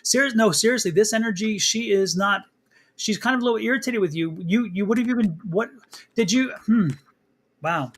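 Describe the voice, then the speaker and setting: High-voiced chatty male psychic. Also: brisk, a bit bright. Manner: chatty, teasing, repeats himself. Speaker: psychic reader and host. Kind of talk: live tarot reading chat.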